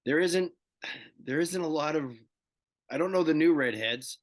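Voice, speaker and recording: A man in his fifties, a guest actor in a casual interview, telling animated stories and acting out the dialogue. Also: on the high side, moderate pace, no echo. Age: 50s. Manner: animated storyteller who acts out dialogue.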